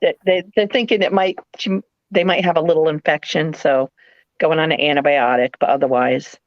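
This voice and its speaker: A middle-aged woman with a New England accent, hosting a live sale and chatting in a rambling, animated way with playful put-on voices. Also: low voice, moderate pace, no echo, dull audio. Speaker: live sale host, former nurse. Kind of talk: casual chat.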